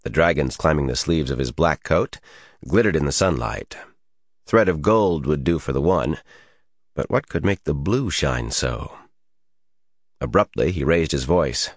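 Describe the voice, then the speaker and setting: A man narrating a fantasy audiobook with expressive storytelling. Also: rumbling low, normal speed, no room sound, studio quality.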